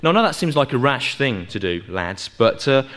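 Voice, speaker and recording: A man's voice: medium pitch, sing-song, fairly quick, fairly bright tone, a little hiss or hum. A man telling a comic story in a rambling, wry way. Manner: rambling, hesitant with fillers, wry.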